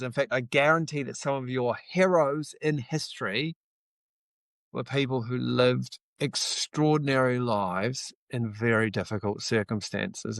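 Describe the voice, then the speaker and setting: A man's voice: medium pitch, fairly bright tone, dry recording. A middle-aged man from New Zealand with a New Zealand accent, giving an earnest, reflective motivational talk on a live stream, with the odd casual swear. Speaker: livestream host.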